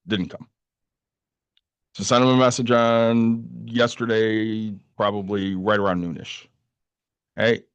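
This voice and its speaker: A man's voice: on the low side, fairly even intonation, measured pace, pauses often, clear, resonant tone, dry recording. A man from Michigan co-hosting a podcast, telling a long casual story and quoting people along the way. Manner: tells long stories, quoting others with a laugh. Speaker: podcast co-host. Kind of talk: casual chat.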